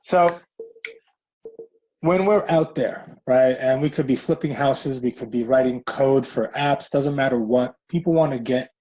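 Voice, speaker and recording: A man's voice: mid-range voice, unhurried, poor audio. Encouraging male interview host. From New York City. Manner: warmly encouraging, rambling with many fillers. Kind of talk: casual interview.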